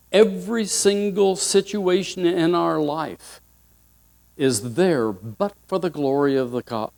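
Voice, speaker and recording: A man's voice: a little high, a little mellow. A male pastor giving a sermon with folksy, humorous storytelling.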